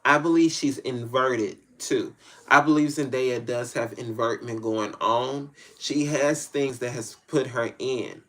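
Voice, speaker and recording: A man with a Southern US accent speaks at an ordinary mid pitch in a loose, rambling monologue. His talk is blunt, slangy and full of curses, and he circles back to repeat himself. He sounds like a spiritual reader talking straight to his viewers. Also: unhurried, fairly bright tone.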